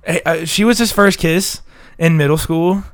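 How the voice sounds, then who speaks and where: Speaking at normal speed in a slightly high voice, this young podcast co-host chats casually into a desk mic. He's under the weather, yet he keeps cracking jokes, cursing a lot, and breaking into laughter.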